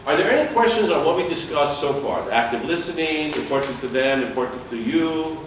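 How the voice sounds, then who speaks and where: Male security trainer lecturing a class, animated delivery, recorded far off in a boomy room. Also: brisk, background noise. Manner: lively, demonstrates dialogue with acted lines. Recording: echoey room, speaker far from mic.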